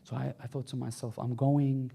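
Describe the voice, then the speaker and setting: A man giving an impassioned sermon, swinging between soft, low passages and loud, high bursts, with recited Arabic phrases. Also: level tone, moderate pace, creaky, breathy edge. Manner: impassioned, rising and falling delivery with Arabic recitation. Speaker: speaker. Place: mosque hall.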